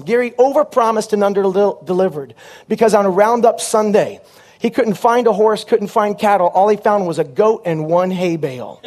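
A man preaching a sermon as a comic story, punchy and animated, with quick asides to the crowd. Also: sits high.

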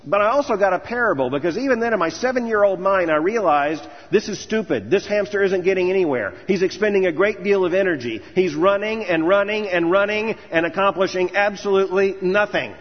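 Male preacher, slightly high and husky, earnest sermon delivery, dull recording with long hall reverb. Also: fairly quick, hardly any pauses. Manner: earnest, storytelling, building to emphatic lists. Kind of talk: commencement sermon.

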